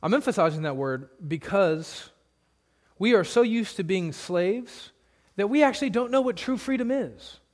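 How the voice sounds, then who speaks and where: Male pastor, higher voice, earnest sermon delivery with emphatic hushed drops. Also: animated, moderate pace. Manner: earnest, emphatic preaching with sudden drops to a low hush. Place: church.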